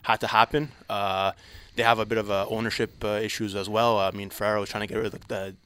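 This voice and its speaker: A man co-hosting a podcast in casual sports chat, talking hesitantly with many pauses and restarts. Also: on the low side, little pitch movement, pushed and bright, clear, resonant tone. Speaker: podcast co-host.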